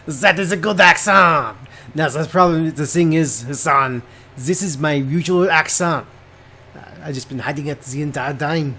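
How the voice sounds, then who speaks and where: A man's voice: on the high side, unhurried, pushed and bright. A man putting on a theatrical fake French accent, claiming it is his real voice, in comedic podcast improv. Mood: mock-proud. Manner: mock-proud, theatrical.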